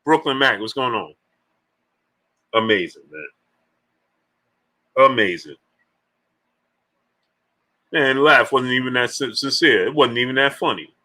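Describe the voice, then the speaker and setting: A man hosting a boxing live stream in a loose, joking chat style, shouting out viewers by name and urging them to like the video. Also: mid-range voice, fairly quick, hardly any pauses, rough recording. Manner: loose, laughing, joking banter. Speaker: boxing livestream host.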